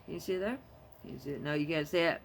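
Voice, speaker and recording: A young adult woman talking to camera in a rambling casual monologue, jumping between topics and quick to get heated. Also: low voice, vocal fry. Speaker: vlogger.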